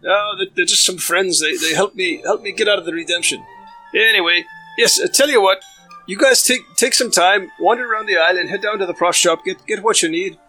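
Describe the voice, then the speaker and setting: A man's voice: sits high, a little fast, pushed and bright, soft background music, pitched above the performer's own voice, poor audio. A man voicing a friendly, eager male halfling performer who talks in a chatty, slightly flustered way.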